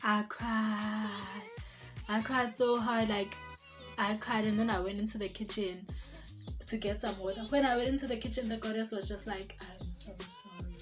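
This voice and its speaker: Expressive young South African woman. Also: medium pitch, normal speed. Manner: expressive, mixes English with Zulu words. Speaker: vlogger. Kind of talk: casual storytime. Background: background music.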